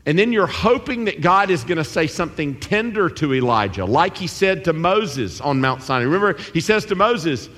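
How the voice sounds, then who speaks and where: A man preaching a sermon, animated and acting out the voices of biblical figures. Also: fairly high pitch. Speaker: pastor. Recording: long hall reverb.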